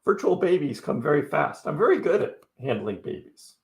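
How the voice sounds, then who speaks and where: Gravelly middle-aged man chatting live. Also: fairly high pitch, sing-song, moderate pace. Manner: chatty and wry, laughs often. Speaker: crypto livestream host. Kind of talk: casual live-stream chat, reading and answering viewers.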